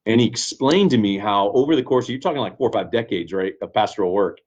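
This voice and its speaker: A man's voice: lowish voice, expressive, fast, a little mellow, lo-fi sound. A man, a pastor, telling stories in earnest, reflective conversation with many restarts. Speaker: pastor, guest. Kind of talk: casual conversation, storytelling.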